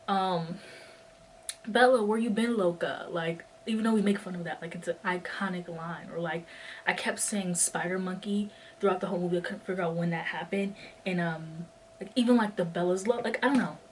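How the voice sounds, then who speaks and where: A young woman in her twenties vlogs while walking, a bit out of breath, rambling casually with lots of fillers and plenty of "like." Her voice is on the low side, steady in tone and brisk. A distant mic picks up faint ambience and a little hiss or hum.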